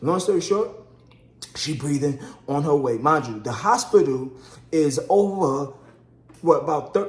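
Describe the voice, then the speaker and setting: A man's voice: on the high side, moderate pace. Chatty man telling a birth story. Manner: animated, chatty, addresses viewers as y'all, acts out quotes. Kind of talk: casual storytelling vlog. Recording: echoey room.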